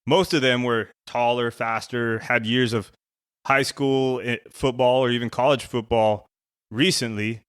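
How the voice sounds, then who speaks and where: A man's voice: mid-range voice, fairly even intonation, unhurried, a bit bright, clear, resonant tone, dry recording, studio quality. A middle-aged man, a former soldier turned coach, telling a personal story in casual podcast talk, full of "you know" and "right". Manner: conversational, many fillers like "you know" and "right". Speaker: former Navy SEAL and coach.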